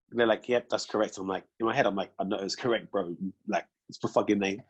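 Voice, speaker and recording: A young man talks quickly in a husky voice, hosting a relaxed chat. He tells animated stories and acts out both sides of each exchange in turn. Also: lowish voice. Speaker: podcast host. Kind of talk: casual chat.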